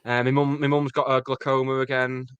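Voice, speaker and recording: A man co-hosting a podcast, dropping dark punchlines in a deadpan casual chat. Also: medium pitch, a little fast, smooth, no room sound, muffled recording. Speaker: podcast co-host.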